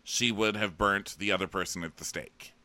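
A man co-hosting a comedy podcast recap, chatting in a campy, sassy, animated way. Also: sits low, moderate pace, no room sound. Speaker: podcast co-host.

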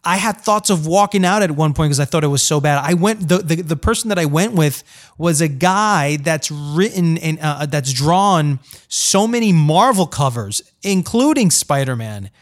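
A man's voice: fairly high pitch, animated, moderate pace. A man giving a blunt, opinionated film review in casual chat, often repeating words as he starts a thought. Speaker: film critic.

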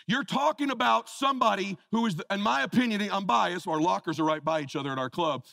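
A high-pitched, gravelly man in his fifties delivers a fired-up motivational talk. He tells stories with voices and shifts to a low, soft tone when he speaks prayerfully. The sound is dry and close. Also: brisk, hardly any pauses, dry recording. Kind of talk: motivational speech on stage.

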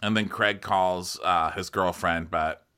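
Bright, giggly man recapping reality TV. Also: sits low, steady tone, smooth. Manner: giggly, quick to laugh at his own jokes. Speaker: podcast co-host. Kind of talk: comedic reality-TV recap chat.

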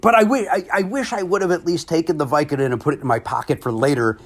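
A comedian and game show host telling a story in casual conversation, animated and self-deprecating. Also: male voice, a little high, fast.

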